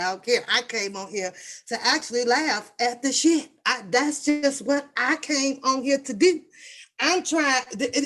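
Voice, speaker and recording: A woman hosts a casual livestream, talking to her chat in an unhurried drawl. Her voice sits a little high for a woman. She rambles and restarts her thoughts as she goes. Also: a bit bright. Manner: chatty, greets chat viewers by name. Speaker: livestream host.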